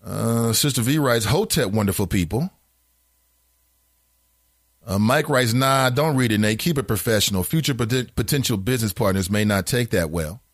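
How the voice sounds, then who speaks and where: A man's voice: mid-range voice, moderate pace, dry recording, clean studio sound. A man hosting a casual call-in show, reading listener comments aloud and reacting with incredulous asides. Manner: animated, incredulous asides with laughs; reads comments aloud in a flatter tone.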